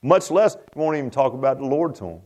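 A man preaching a Baptist sermon in a folksy, animated way, often stammering and restarting. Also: medium pitch, fast talker. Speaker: Baptist pastor.

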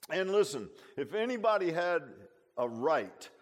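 Man, pastor, sermon, folksy, emphatic, rambling restarts, raised pitch. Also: very animated, a little slow. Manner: folksy, conversational preaching with emphatic asides; repeats himself and restarts often.

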